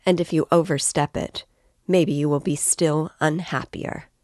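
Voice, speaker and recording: A bitter, feverish young student speaks in a low, close voice, as a woman reads him aloud. He sounds sarcastic and brooding, and the recording is dry and intimate. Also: fairly even intonation, measured pace, a little mellow, no room sound. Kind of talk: reading a novel aloud.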